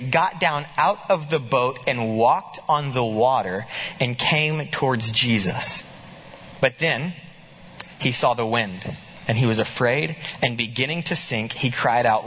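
A man preaching a sermon, reading scripture aloud and pressing his listeners with animated, emphatic questions. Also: mid-range voice, measured pace, long pauses, husky. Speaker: pastor.

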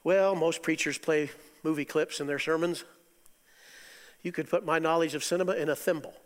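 Animated preacher man in a reverberant hall. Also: fairly high pitch, moderate pace. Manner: animated, swings from loud exclamations to quiet asides, chuckles. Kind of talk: sermon.

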